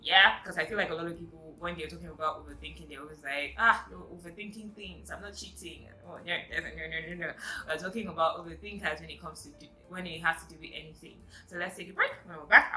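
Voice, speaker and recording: A woman's voice: low voice, fairly even intonation, quick pace, sharp tone, roomy sound, soft background music, poor audio. A woman vlogger giving a chatty, emphatic self-help talk straight to her viewers.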